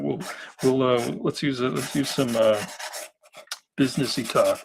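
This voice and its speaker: A man with a mid-pitched, gravelly, slightly hoarse voice chats casually as he draws on a live stream. He thinks out loud, restarting sentences and filling pauses. Faint scratching and rubbing from his drawing tools sit quietly behind him. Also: background noise. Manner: relaxed, thinking aloud, many fillers and restarts.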